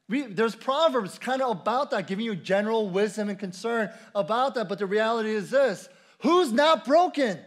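A man preaching a sermon at a church service in a conversational way, repeating key phrases and asking the congregation questions. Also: high voice. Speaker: pastor.

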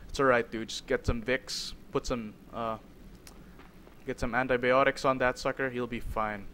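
Excitable young gamer man commentating. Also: mid-range voice, moderate pace, a little hiss or hum. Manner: excitable, jokey, talks to his character. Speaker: gaming YouTuber. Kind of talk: let's play commentary.

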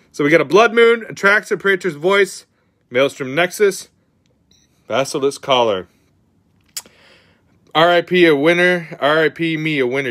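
A young man with a medium-pitched voice hosts a card pack opening, chatting excitably in slang and calling his viewers dude and bro. There's no echo on the recording.

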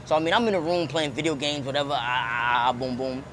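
A young man telling a childhood story in a casual interview, animated and profane, repeating words as he goes. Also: medium pitch, fast talker, noisy background. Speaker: rapper and comedian, interviewee.

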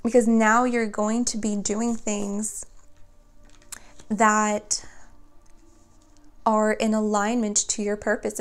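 Earnest woman giving a tarot reading. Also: medium pitch. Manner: earnest, encouraging, many fillers like "like". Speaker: tarot reader. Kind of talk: spiritual tarot reading to camera.

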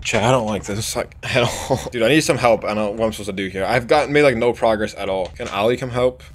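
A man's voice: on the low side, fast talker, a little hiss or hum. A man streaming a horror game, reacting jumpily, swearing, and talking to his chat. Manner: jumpy, swears, shouts when scared, talks to chat. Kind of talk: horror game let's play commentary.

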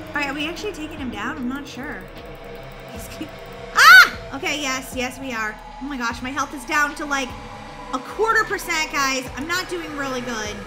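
A woman hosting a game let's-play with bubbly, excitable, jokey commentary. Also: sits high. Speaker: gaming channel host. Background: game music.

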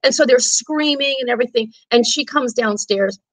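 A woman tour guide telling history stories in a chatty, animated way on a live stream, acting out quotes as she goes. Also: a little high, normal speed, no echo, poor audio. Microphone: phone or camera on a live stream.

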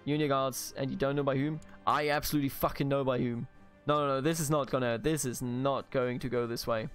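A man's voice: medium pitch, steady tone, a little fast, faint music behind. A man giving casual, playful gameplay commentary as a let's play host, reading event text aloud and swearing casually.

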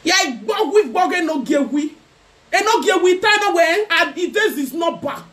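Very high-voiced, lively Nigerian woman ranting. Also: measured pace. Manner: mocking, dramatic, laughing between jabs. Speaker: vlogger. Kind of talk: heated live-stream rant in Pidgin.

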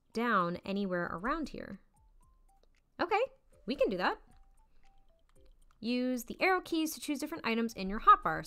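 A woman's voice: fairly high pitch, pushed and bright. A bubbly young woman giving let's-play commentary with frequent giggles. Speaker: gaming YouTuber.

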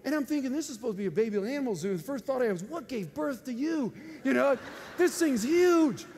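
High-voiced animated male preacher. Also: fast. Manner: animated, laughing storyteller with sudden loud outbursts. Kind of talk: storytelling sermon. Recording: faint noise and long hall reverb.

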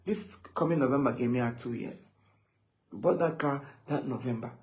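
A man telling stories in a casual live chat, animated and often quoting others. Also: mid-range voice, normal speed. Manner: animated, switching between English and Igbo, quoting others.

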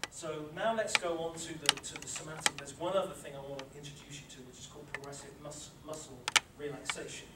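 A man with a slightly higher voice leads a workshop, coaching listeners through tensing and relaxing and repeating each instruction. He stands some distance from the mic, so his voice comes across roomy and echoey, with loud noise underneath. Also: steady tone, fairly quick, few pauses. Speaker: sports psychology presenter. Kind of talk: live workshop talk with guided exercise. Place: lecture room with a live audience.

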